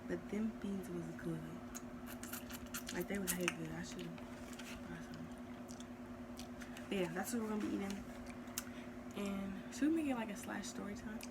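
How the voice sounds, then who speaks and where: A woman's voice: medium pitch, steady tone, moderate pace, pauses often. Young woman, chatty, giggly, casual vlog talk, very noisy recording. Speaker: vlogger. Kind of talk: casual chat.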